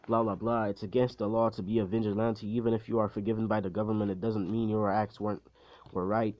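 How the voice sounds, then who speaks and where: A man's voice: lowish voice, flat delivery, quick pace, close to an everyday voice. A man doing a scolding, arrogant student hero. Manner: condescending, mocking. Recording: dull, dry lo-fi recording.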